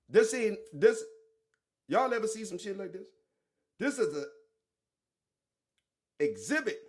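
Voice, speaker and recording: A man hosting a commentary show, reacting to a played clip in loud, mocking street slang, riffing and repeating himself. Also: high-pitched.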